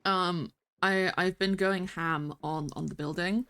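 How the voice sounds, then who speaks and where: A woman streamer rambling through casual gameplay commentary, talking to herself with bursts of excited exclamations. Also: fairly low pitch, slow, clean tone. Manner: chatty, rambling self-talk with excited exclamations. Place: home streaming setup.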